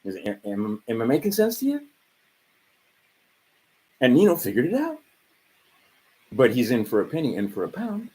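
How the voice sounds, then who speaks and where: A man's voice: medium pitch, wildly swooping pitch, normal speed, pauses often, dark tone, slightly rough, rough recording. A man of around 60 from Hawaii, rambling through a profane vlog monologue full of fillers and asides. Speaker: vlogger.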